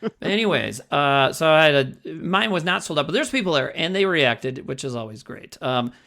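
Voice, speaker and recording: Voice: mid-range voice, expressive, moderate pace, creaky, a bit bright. A podcast co-host in casual movie chat, rambling and profane with lots of fillers and jokes.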